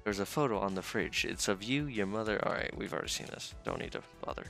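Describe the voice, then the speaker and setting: A man's voice: on the low side, animated, quick pace, creaky, a bit bright, soft background music. A young man casually joking and reading game text aloud as he plays. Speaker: gaming channel host. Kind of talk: casual let's-play commentary.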